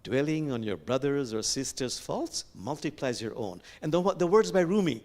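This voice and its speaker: Male imam, reflective sermon, slows down for sacred quotes, pitch rises and falls a lot, sanctuary service. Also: animated. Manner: reflective, quotes sacred verses slowly and with emphasis; gentle, addresses the congregation directly.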